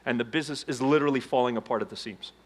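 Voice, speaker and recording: A middle-aged man giving a motivational keynote on stage, telling his story with dramatic swings between loud emphasis and hushed low tones. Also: racing. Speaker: keynote speaker. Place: conference stage before a live audience.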